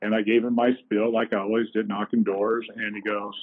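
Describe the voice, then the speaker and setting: A middle-aged man, a company co-founder, telling folksy, animated stories as a podcast guest over a tinny phone-like line. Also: fairly low pitch, a little fast. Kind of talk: anecdotal storytelling in a podcast interview.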